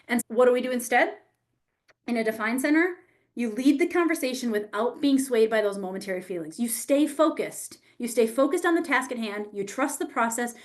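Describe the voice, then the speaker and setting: Expressive woman coaching on sales. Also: fairly high pitch. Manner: expressive, emphatic, with acted example phrases. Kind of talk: online masterclass teaching.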